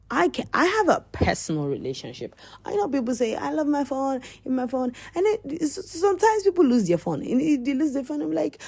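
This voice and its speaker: A woman hosts a comedic news riff, her fairly high voice swinging widely in pitch as she exclaims and laughs her way through. She rambles and circles back on her own words. The sound is dry and close, with almost no room around her. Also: gravelly, dark tone, dry recording. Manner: rambling, repeats herself. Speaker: podcast host.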